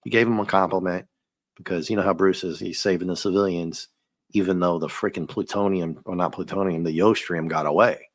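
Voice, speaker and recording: Man, low pitch, dry sound, casual chat, animated, joking. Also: brisk, dry recording. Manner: animated, joking, drops into silly impressions. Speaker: comic review host.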